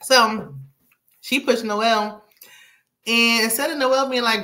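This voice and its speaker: A woman's voice: on the high side, a little slow. Sassy woman dishing on a reality show episode, chatty and opinionated, lots of side comments. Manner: sassy, chatty, animated asides. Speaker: TV recap host. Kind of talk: casual reality TV recap commentary.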